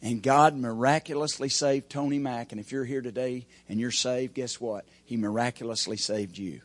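A man preaching a sermon as pastor, with folksy grammar, swinging from shouted peaks to hushed, quiet lines. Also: medium pitch, steady tone, normal speed, few pauses, no room sound.

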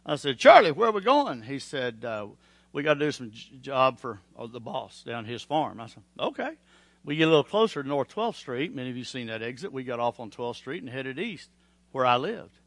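Middle-aged preacher, bright forceful tone, dry close mic; moves between quiet pleading and loud storytelling. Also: male voice, medium pitch, no room sound. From Oklahoma. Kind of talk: sermon with altar call and personal story.

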